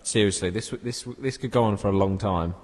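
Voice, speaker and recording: A man's voice: lowish voice, fairly quick, in a large hall. A man hosting a podcast in casual chat, teasing his guests and cutting in on them. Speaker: podcast host.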